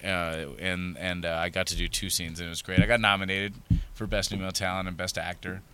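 A man telling stories as a podcast guest, animated and acting out quoted lines. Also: sits low, fairly quick, noisy background. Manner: animated storyteller, acts out quotes. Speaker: podcast guest, adult film performer. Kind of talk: casual chat.

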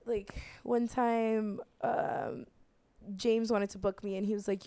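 A woman guest on a podcast in casual chat, bubbly and quick to laugh. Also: mid-range voice, steady tone, warm tone, smooth, no echo.

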